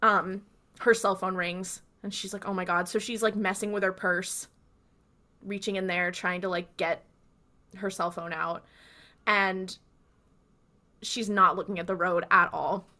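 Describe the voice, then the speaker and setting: A woman's voice: mid-range voice, steady tone, measured pace, pauses often, pushed and bright. A young woman co-hosting a podcast, chatting casually and retelling scenes by acting out the characters' lines. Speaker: podcast co-host. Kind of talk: casual recap chat.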